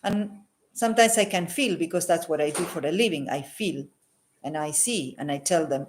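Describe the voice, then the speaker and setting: This is an unscripted advice talk to camera by a woman who works as a holistic healer and psychic. Her voice is fairly low and a little mellow, at normal speed. She's earnest, repeats phrases to drive them home, and punctuates points with a questioning "hmm?"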